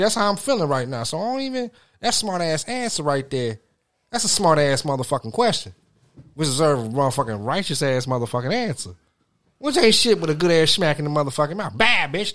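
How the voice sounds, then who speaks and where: A man hosting a casual podcast, ranting loudly and swearing heavily as he talks. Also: a little high. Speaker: podcast host. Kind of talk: casual profane chat.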